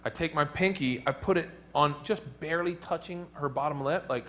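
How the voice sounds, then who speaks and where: A middle-aged man doing a stand-up comedy set, telling stories loudly and acting out characters with sudden shouts. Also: on the high side, fairly quick. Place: comedy club stage with a live audience. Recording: live stage recording with audience noise.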